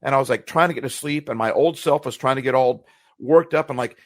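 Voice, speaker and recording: A man's voice: mid-range voice, lively intonation, quick pace, no echo, studio quality. A man co-hosting a motivational podcast, talking earnestly and reflectively and circling back on his words. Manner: earnest, reflective, repeats phrases when searching for words. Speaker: podcast co-host.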